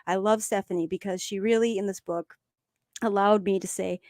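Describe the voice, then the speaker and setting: A woman's voice: mid-range voice, normal speed, no room sound, studio quality. A woman co-hosting a casual recovery discussion, talking openly and with feeling about her own life. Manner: open, emotional, animated storytelling. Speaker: podcast co-host.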